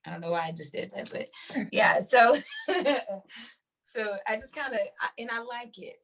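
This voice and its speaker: A woman author talking about her life in an interview, animated, with many fillers and easy laughter. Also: on the high side, normal speed, gravelly. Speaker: guest author. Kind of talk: conversational interview.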